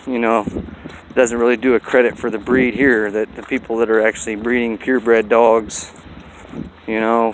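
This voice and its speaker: A mid-range male voice comes from a dog breeder vlogging outdoors beside a busy road, with lots of background noise. His casual walking vlog is rambling and folksy, full of fillers.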